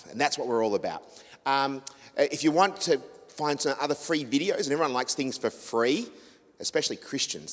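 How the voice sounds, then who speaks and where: An Australian man, a radio host, giving an informal church talk to an audience in a rambling way with many restarts and self-corrections. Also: medium pitch. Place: church hall. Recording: long reverb of a church hall.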